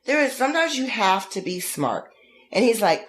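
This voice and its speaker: A woman co-hosting a podcast, chatting casually and giving opinions with animated retellings. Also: medium pitch, moderate pace. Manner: animated, opinionated, acts out quotes in dramatic voices. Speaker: podcast co-host. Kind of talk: casual chat.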